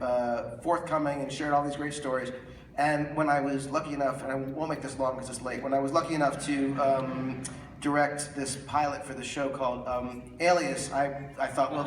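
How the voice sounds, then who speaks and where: Guy giving a rambly intro to a movie crowd, lots of uh and um, echoey far-off mic. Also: medium pitch. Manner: halting, many fillers and restarts. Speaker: filmmaker introducing a screening. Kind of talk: casual speech to a theater audience. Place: large cinema theater. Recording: echoey room, far from the mic, some noise.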